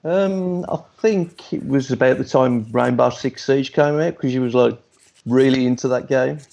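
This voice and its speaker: A man with an English accent and a gravelly edge, speaking modestly and a little hesitantly. His voice comes through a dull, lo-fi mic, with mid-range pitch. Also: normal speed, a little mellow. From London, England. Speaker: podcast guest, listener. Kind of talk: casual podcast chat.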